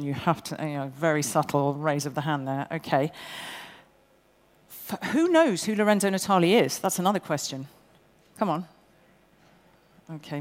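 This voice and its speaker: A woman from England, presenting a live award ceremony in a large venue, addressing the audience in a brisk, bossy and jokey way. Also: lowish voice. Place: large indoor event venue. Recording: long reverb in a large event hall.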